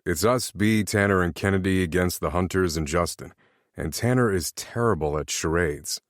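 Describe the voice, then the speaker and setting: A man's voice: low voice, moderate pace, no room sound, close to an everyday voice. A man voicing a dry, wry teenage boy close to his own voice.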